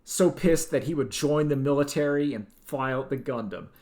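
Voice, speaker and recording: A man's voice: mid-range voice, normal speed. A man co-hosting a podcast, ranting in casual chat and laughing as he mocks a show. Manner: ranting, animated, laughs while mocking a show. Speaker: podcast co-host.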